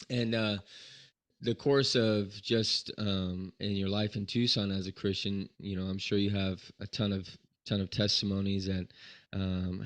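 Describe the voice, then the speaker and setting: A man hosting a podcast interview, affirming his guest with short reactions. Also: lowish voice. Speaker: podcast host. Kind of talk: casual interview.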